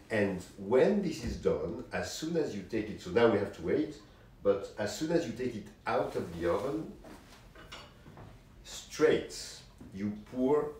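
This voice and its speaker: Slow-talking man hosting a home cooking show. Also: deep voice, mellow, heavy reverb, recorded from a distance, slight background noise, low-quality recording. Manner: slow, chatty, hands-on instructions. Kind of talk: casual cooking demonstration. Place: home kitchen.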